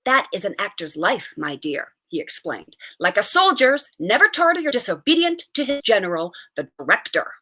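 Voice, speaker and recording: Bossy dramatic teacher guy, brisk and commanding, swoopy lively delivery , as a lady reader puts him on. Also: mid-range voice. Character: stern theatrical male schoolteacher, middle-aged.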